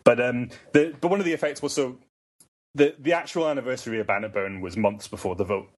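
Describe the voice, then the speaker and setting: A young Scottish man answering questions in a relaxed conversation, often restarting sentences and laughing lightly. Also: mid-range voice, fast. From Scotland. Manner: hesitant, many restarts, laughs easily. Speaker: guest. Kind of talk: casual conversation.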